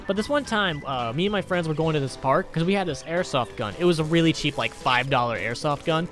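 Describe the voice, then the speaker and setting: A man's voice: fairly high pitch, lively intonation, a little fast, few pauses, fairly bright tone, soft background music. A young man telling a crude, sarcastic story while he plays and comments on a game. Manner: crude, sarcastic, rambling anecdotes. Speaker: gaming YouTuber. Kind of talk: storytelling over gameplay commentary.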